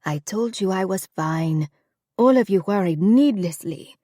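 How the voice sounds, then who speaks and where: A woman's voice: medium pitch, lively intonation, dry recording, studio quality. A woman doing a gracious older Frenchwoman. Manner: measured, gentle and soft-spoken.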